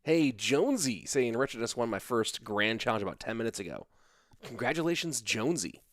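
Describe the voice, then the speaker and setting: A man's voice: medium pitch, expressive, brisk, no room sound, studio quality. A tired man in his thirties casting an esports match on a live stream, chatting casually and reading viewer comments aloud between plays. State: sleepy. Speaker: esports caster.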